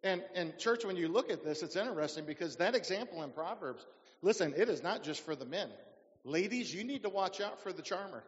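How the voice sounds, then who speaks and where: Male pastor, high voice, sermon with call-and-response questions, dull hall recording. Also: lively intonation, fairly quick. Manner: preaching with rhetorical questions to the congregation. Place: church sanctuary. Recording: dull sound in a reverberant church hall.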